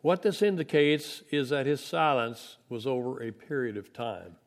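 A man's voice: mid-range voice, animated, normal speed. A man preaching a conversational Bible lesson, folksy and plain-spoken, acting out quoted voices as he goes. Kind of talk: sermon.

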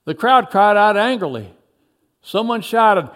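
A man narrating a dramatic first-person story, moving between excited and hushed telling. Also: high voice, moderate pace.

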